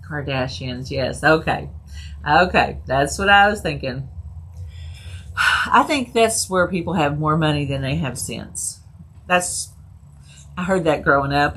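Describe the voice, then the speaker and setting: A woman's voice: fairly low pitch, gravelly, fairly bright tone, slight background noise. A woman hosting a casual crafting video, chatting and giggling with her viewers as she works. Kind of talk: casual live crafting chat.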